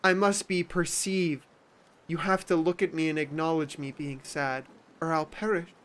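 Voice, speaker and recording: A man's voice: on the high side, fairly even intonation, moderate pace, a bit bright, lightly acted. A man putting on the voice of a melodramatic, self-pitying attention seeker who mopes and pleads. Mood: pleading.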